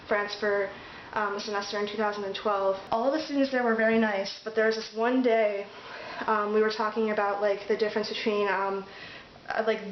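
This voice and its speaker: Young American woman, casual rambly vlog talk, flat delivery, roomy echo. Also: medium pitch, a little hiss or hum. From United States. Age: young adult. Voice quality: rambling, many fillers and restarts. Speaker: vlogger. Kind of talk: casual chat. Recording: echoey room, dull sound.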